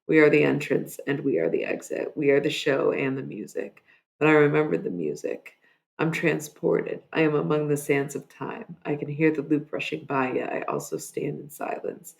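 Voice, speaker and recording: A livestreamer who reads their own poetic prose aloud in a slow, dreamy way, then chats softly and rambles. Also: mid-range voice, gravelly. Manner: dreamy, deliberate reading; soft, rambling chat with many "like"s.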